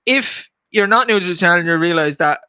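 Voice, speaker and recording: A young Irish man with a bright, smooth voice chats his way through a podcast, filling pauses with "uh" and ribbing his co-hosts. He sits a touch above the usual male pitch, and the sound is dry and close. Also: lively intonation, dry recording. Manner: chatty, teasing, swears casually, lots of filler "uh". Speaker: podcast host. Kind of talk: casual chat.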